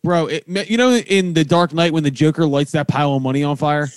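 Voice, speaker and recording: A man's voice: a little high, brisk, clear, resonant tone, dry recording, studio quality. Profane storytelling podcast host, man. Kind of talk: casual chat.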